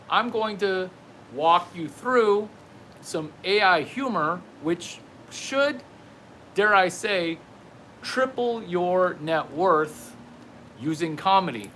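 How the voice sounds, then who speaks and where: A man's voice: sits high, fairly bright tone, a little hiss or hum. A man delivering a rambling, playful comedy monologue to camera, riffing through absurd tangents while palming a basketball. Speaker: comedian vlogger.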